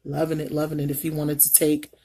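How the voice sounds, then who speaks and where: A middle-aged woman vlogging her makeup routine while telling a story in an animated, folksy way. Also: deep voice, fast, slight background noise. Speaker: beauty vlogger. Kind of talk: casual makeup vlog storytelling.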